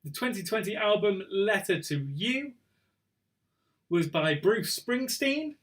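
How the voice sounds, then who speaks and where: A man's voice: sits high, expressive, slow, fairly bright tone. A man hosting an online quiz night casually, reading out questions and answers and joking about tripping over his words. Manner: chatty, self-mocking, trips over words. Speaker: quiz host.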